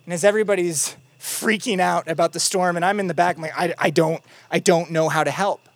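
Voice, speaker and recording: A youth pastor preaching a sermon in a conversational storytelling way, with playful asides, lively retellings and quiet, emphatic moments. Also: medium pitch, fairly quick, dry recording.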